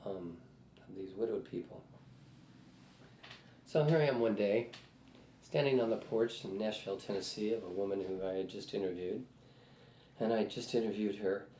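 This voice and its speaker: A man's voice: fairly low pitch, warm tone. A man in his sixties giving a conversational psychology lecture, telling personal stories and putting questions to the class. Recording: echoey room with faint noise.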